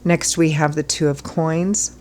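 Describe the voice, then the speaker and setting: A hoarse woman from Ireland giving a chatty tarot reading, rambling with fillers and clearing her throat often. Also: low voice, steady tone, a little slow, darkish tone, a little hiss or hum. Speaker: tarot reader. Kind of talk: casual tarot reading talk.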